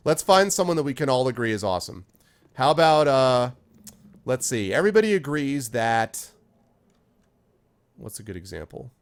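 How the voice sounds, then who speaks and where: A man's voice: mid-range voice, very animated, moderate pace, long pauses. A man streaming a game, chatting casually with viewers by name in a rambling way while he plays. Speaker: streamer reading chat while playing. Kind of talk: casual live-stream chat.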